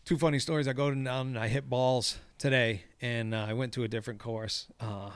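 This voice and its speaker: A man in casual chat about golf, swearing freely and telling stories with lively energy. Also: mid-range voice, brisk, no room sound. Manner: profane, animated storyteller. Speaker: podcast co-host.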